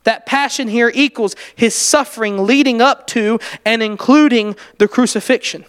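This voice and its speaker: Male preacher, high clear voice, earnest and emphatic, teaching a congregation. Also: normal speed, a bit bright. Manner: earnest, builds to emphatic rising delivery. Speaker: preacher leading a Bible study. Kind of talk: conversational sermon with congregation questions.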